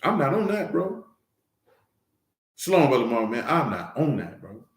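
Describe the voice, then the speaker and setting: A man's voice: mid-range voice, very animated, measured pace, roomy sound. A man preaching an informal Bible teaching, fiery and slangy, hammering his points with repeated rhetorical questions.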